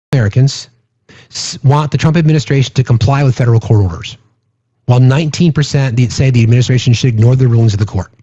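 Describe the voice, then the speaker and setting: A man's voice: mid-range voice, mellow, no room sound, dull audio. A man hosting a casual political livestream, talking earnestly with frequent restarts and tag questions to his viewers. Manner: earnest, many restarts and "right?" asides. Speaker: livestream host.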